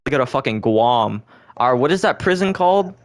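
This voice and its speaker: A young podcast host rambles through casual conspiracy talk, swearing freely and correcting himself constantly as he goes. His mid-range voice is expressive and runs slightly fast.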